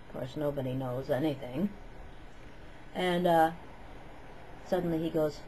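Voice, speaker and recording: A woman's voice: low voice, fairly even intonation, moderate pace, creaky, long pauses, dark tone, slight background noise, low-quality recording. A woman telling a story in a casual vlog, chatty and meandering, full of "like" and "um".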